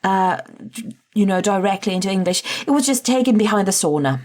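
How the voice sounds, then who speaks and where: A woman's voice: mid-range voice, expressive, fairly quick, darkish tone. A woman from Finland chatting on a podcast, playful and giggly, agreeing readily. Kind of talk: casual podcast chat.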